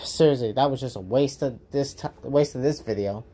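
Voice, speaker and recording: A woman's voice: extremely low pitch, fairly quick, warm tone, slightly rough. A woman hosting a reaction video, ranting with profane indignation.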